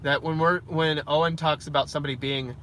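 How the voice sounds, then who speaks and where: Recording from inside a vehicle, a young man who vlogs about his Christian life talks briskly in a slightly high, steady voice. Loud road noise swamps the poor audio as he digresses and cuts himself off in a casual, rambling monologue.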